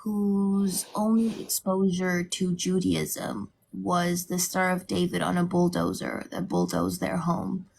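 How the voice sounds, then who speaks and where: A woman's voice: fairly low pitch, creaky, slight background noise. A woman calling in to a live stream, asking an earnest, probing question.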